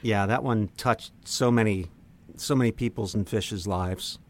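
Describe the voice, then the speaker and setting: A man co-hosting a podcast in casual comedic chat, riffing deadpan on made-up bits. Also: lowish voice, unhurried. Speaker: podcast co-host.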